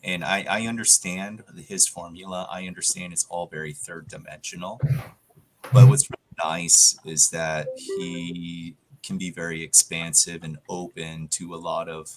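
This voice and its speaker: A man on a radio chat, giving his thoughts slowly and reflectively. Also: deep voice, steady tone, a little hiss or hum, low-quality recording. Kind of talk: casual call-in chat.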